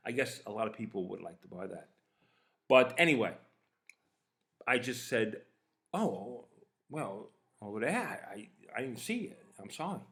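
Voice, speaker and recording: A man in his fifties casually telling a personal story, animated and swearing as he acts out both sides of the exchange. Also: fairly low pitch. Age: 50s. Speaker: podcast host.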